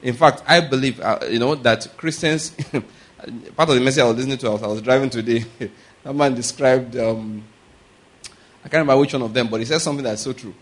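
Preacher, chatty, checking in often. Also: male voice, medium pitch, brisk. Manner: checks in with "are you getting my point?" and "all right?"; chuckles and rambles into anecdotes. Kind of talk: conversational sermon.

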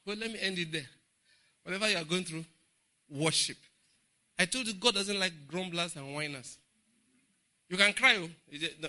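Bright-voiced Nigerian preacher man. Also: a little high. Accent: Nigerian English. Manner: humorous, laughing, animated storytelling. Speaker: pastor. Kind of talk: sermon. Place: church Bible study.

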